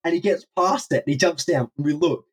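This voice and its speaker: A husky-voiced young man spins a rambling adventure tale on a podcast. He talks in an animated, casual way, swears freely and often breaks into laughter. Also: on the high side, a little fast. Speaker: podcast guest, urban explorer. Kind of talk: casual storytelling.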